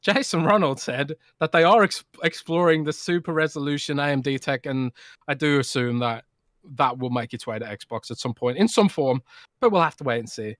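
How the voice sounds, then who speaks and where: A man's voice: on the high side, a little fast, fairly bright tone, no room sound, clean studio sound. A man with a British accent, co-hosting a podcast in casual, teasing chat. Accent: British English. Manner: playful, teasing. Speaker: podcast co-host.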